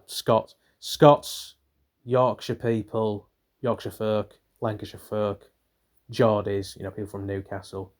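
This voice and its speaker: With a lowish, slightly mellow voice, a young man from northern Britain reads a book aloud for his channel. He wanders off into irreverent asides, swearing as he goes.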